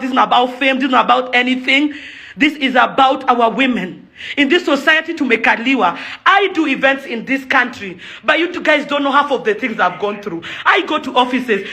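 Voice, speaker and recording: A woman's voice: sits high, sharp tone. A young Kenyan woman delivering an angry, impassioned rant to camera, accusing and pleading by turns, slipping Swahili phrases into her English. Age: young adult. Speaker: events promoter and celebrity.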